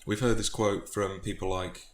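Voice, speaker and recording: A man's voice: on the low side, level tone, moderate pace. A British man chatting about favourite book quotes in a thoughtful, casual way, often restarting phrases. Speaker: book vlogger. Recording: echoey room, faint noise.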